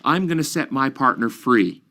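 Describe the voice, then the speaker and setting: A man's voice: medium pitch, expressive, moderate pace, pushed and bright. A man counseling and explaining ideas earnestly in an interview, using examples and questions. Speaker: counselor guest.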